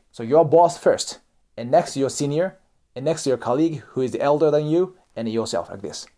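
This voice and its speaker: A man's voice: mid-range voice, mellow. A Japanese man with a Japanese accent, speaking non-native English as he explains Japanese customs in a casual online lesson, often checking in with "okay?" and "right?". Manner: acts out example dialogues. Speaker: YouTuber explaining Japanese culture.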